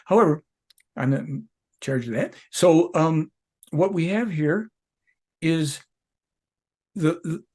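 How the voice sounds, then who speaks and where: A man's voice: on the high side, slow, long pauses, darkish tone. An older man speaking as an interview guest, emphatic and rambling, often restarting his sentences. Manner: emphatic, rambling, with self-corrections. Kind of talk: conversational interview.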